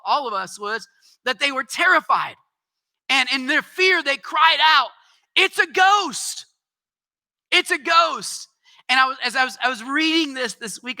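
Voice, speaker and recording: A man preaching a sermon as pastor in a church, speaking in a conversational way that swells into emphatic, shouted exhortations. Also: extremely high pitch. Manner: conversational asides with quick laughs.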